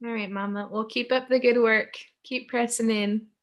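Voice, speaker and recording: Woman, life coach, video call, encouraging, flat intonation. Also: on the high side, moderate pace. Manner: warm encouraging affirmations.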